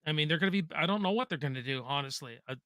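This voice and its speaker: A man's voice: a little high, lively intonation, very fast, a bit bright, dry recording. A man with a Canadian accent hosting a live watch-party, reading viewers' questions aloud and chatting casually. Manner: reads chat questions aloud, casual and joking. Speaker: host.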